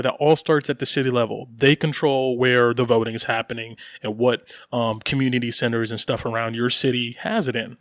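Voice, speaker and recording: A man's voice: mid-range voice, dry recording. Brief: male podcast co-host, loose and rambly, chuckles mid-sentence, dry close sound. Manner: rambling, many fillers and repeats; animated, laughs while talking. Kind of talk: casual chat.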